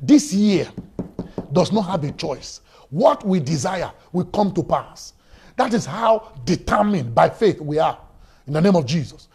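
Male pastor, high voice, energetic sermon delivery, stammers and repeats words. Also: unhurried, husky. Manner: storytelling, swings from quiet to shouting, repeats words.

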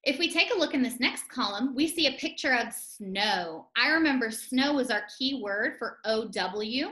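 A woman teacher giving a first-grade phonics lesson, speaking slowly and clearly in a sing-song way, leading chants for children. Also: on the high side, lively intonation, sharp tone. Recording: echoey room.

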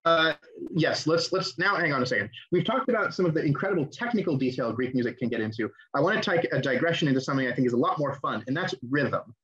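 A man's voice: on the high side, animated, fast, fairly bright tone. A young man teaching an online class, explaining in a casual way with fillers and restarts. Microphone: video call. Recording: dull lo-fi audio.

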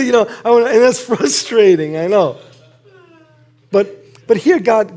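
A man's voice: sits high, expressive, measured pace, long pauses, a little mellow. A middle-aged male preacher giving a casual sermon, acting out scenes and laughing often.

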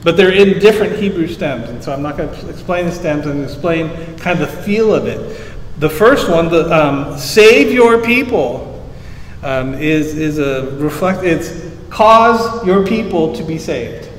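A man's voice: fairly high pitch, lively intonation, measured pace, a little hiss or hum. A man preaching a sermon as pastor, teaching in a conversational way and rising to emphasis when he quotes scripture. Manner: conversational teaching, explains Hebrew terms simply, rises emphatic on scripture. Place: church sanctuary. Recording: echoey church hall.

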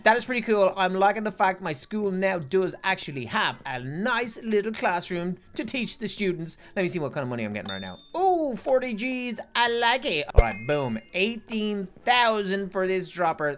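A woman giving excitable, playful gameplay commentary and talking to her viewers. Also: mid-range voice, moderate pace, few pauses. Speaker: gaming YouTuber.

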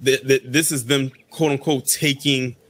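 A man co-hosting a casual panel show, speaking in a measured, deliberate way. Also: medium pitch, steady tone, fairly bright tone. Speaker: co-host.

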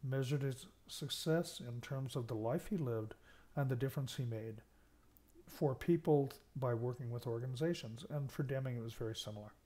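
A man's voice: medium pitch, normal speed, warm tone. American man giving a lecture. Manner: explanatory, stressing key words, frequent "okay" and "right" checks. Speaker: university lecturer. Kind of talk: recorded lecture.

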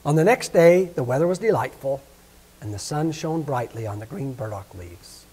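A man reading a fairy tale aloud with expressive storytelling at a Sabbath service. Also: mid-range voice, moderate pace, slightly rough.

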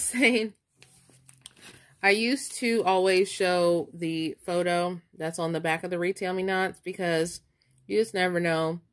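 A woman chatting excitedly in a casual vlog, stuttering now and then as she leafs through coupon inserts. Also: sits low. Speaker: couponing vlogger. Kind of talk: casual show-and-tell vlog.

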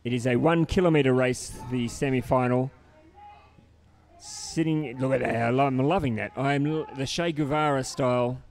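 A man's voice: mid-range voice, steady tone, moderate pace, creaky, darkish tone. A man doing live sports commentary, teasing and chatty as he banters with his co-hosts. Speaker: lead commentator.

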